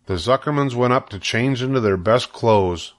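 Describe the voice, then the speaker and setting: An older man reading a children's book aloud with steady, clear storytelling. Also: medium pitch, moderate pace.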